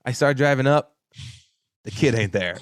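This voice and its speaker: A man's voice: mid-range voice, moderate pace, no room sound, clean studio sound. Man telling a story animatedly. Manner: animated, repeats himself, acts out quotes with laughter; swears casually. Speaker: podcast co-host telling a story. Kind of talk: casual storytelling chat.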